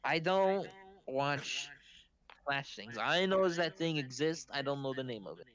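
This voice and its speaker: A man's voice: mid-range voice, lively intonation, a little slow, fairly bright tone. Laid-back male tabletop player. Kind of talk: casual chat during a tabletop game.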